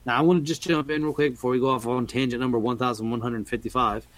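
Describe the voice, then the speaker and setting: A man's voice: mid-range voice, steady tone, fast, no echo. A man hosting a casual podcast, talking in a playful, jokey and rambling way. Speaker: podcast host. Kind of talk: casual chat.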